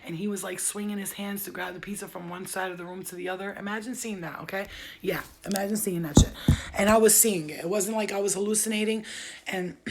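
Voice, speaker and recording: A woman's voice: mid-range voice, steady tone, quick pace, vocal fry, darkish tone, slight background noise. A woman hosting a livestream, telling a true ghost story in a candid, rambling way and swearing often. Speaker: livestream host.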